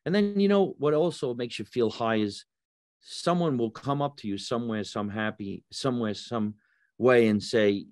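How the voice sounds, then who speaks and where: A man's voice: mid-range voice, moderate pace, no room sound, studio quality. A male comedian guest telling stories in a casual chat, acting out the people he quotes. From New Jersey. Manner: animated storyteller, acts out quotes in raised voices.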